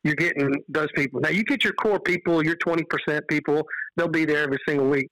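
A man from Texas with a Texan accent, a podcast guest telling stories in an earnest, animated way. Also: a little high, fast, dry recording, low-quality recording. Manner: earnest, animated storyteller who quotes dialogue. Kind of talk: casual storytelling on a podcast.

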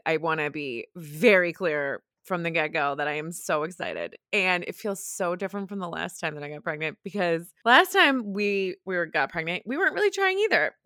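Frank, laughing podcast woman with a lowish voice. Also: pushed and bright, smooth, dry recording, clean studio sound. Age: 30s. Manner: frank and confessional, laughs often. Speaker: podcast host. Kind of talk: candid personal storytelling.

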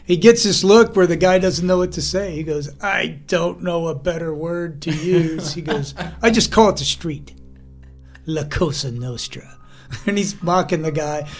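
A man hosting a podcast in casual chat, an animated storyteller who acts out the voices he quotes and laughs often. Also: on the high side. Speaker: podcast host.

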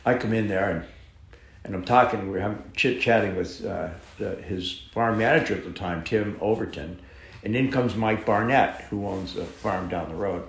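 Lively storytelling man in a roomy space. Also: lowish voice, normal speed, vocal fry. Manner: animated, acts out dialogue in the story. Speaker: interview guest, horse farm owner. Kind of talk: anecdotal storytelling. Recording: roomy echo.

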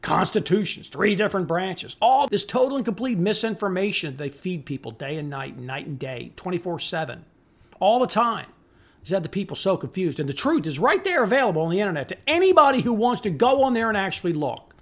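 A man's voice: high voice, very animated, brisk. A middle-aged man hosting a solo podcast, ranting angrily and with contempt, swearing freely and repeating key words for emphasis. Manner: angry, contemptuous ranting with profanity; emphatic repetition. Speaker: podcast host.

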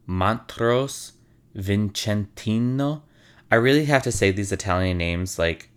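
A man's voice: low-pitched, clean tone. A man hosting, telling stories in a casual, wry and sarcastic way, swearing freely. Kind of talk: casual storytelling.

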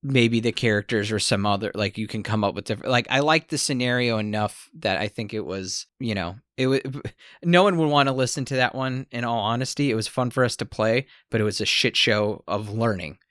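A man hosts a casual podcast chat as the game master. His talk rambles, and he often makes fun of himself. His voice is bright and forceful, with a dry, close sound. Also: lowish voice, fairly quick, no room sound. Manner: rambling, self-deprecating.

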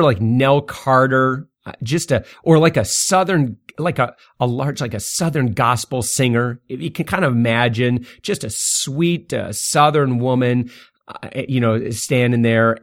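A podcast host telling a story in a casual, animated way, laughing often, his voice jumping up when he gets excited. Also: medium pitch.

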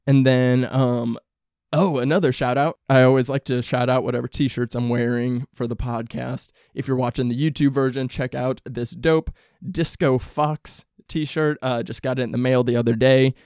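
A man hosting a casual solo podcast, talking in a rambling, candid, profane way with many restarts. His throat is dry and rough today. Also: medium pitch, steady tone, moderate pace, darkish tone, no room sound. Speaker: podcast host.

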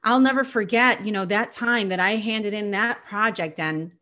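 A woman's voice: mid-range voice, normal speed, sharp tone, natural voice. A woman voicing a self-absorbed middle-aged mother who answers sweetly and breezily while turning the talk to herself. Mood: breezy.

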